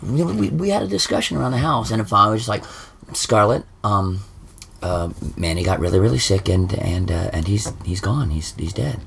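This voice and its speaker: A man chatting on a podcast, telling a family story with halting restarts. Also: fairly low pitch, expressive, vocal fry, fairly bright tone, slight background noise. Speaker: podcast guest, parent. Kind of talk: casual chat.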